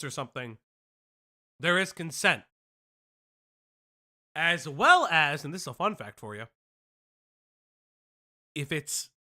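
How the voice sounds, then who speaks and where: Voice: mid-range voice, pushed and bright. A commentary stream host talking to chat over a played video, sarcastic and pointed, firing off rhetorical jabs. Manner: chewing while talking at times.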